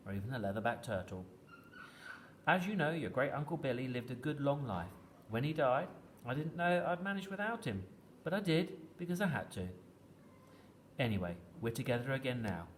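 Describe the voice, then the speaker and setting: A man's voice: mid-range voice, fairly quick, slight background noise. Man reading a children's story aloud. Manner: steady, gently expressive storytelling.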